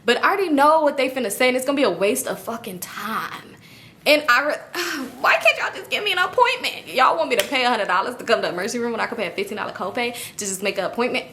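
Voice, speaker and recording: A young woman talks straight to her viewers in a loose storytime vlog, full of profanity and laughing asides. Her voice is bright and forward, and she jumps up high in pitch when she acts out the people in her story. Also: racing, slight background noise. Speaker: storytime vlogger. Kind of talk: casual storytime monologue.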